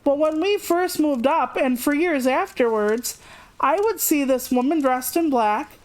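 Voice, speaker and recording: A young adult woman streamer casually telling a personal story, chatty and animated, raising her voice to act out what others said. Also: measured pace. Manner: chatty, animated, acts out quotes with raised pitch.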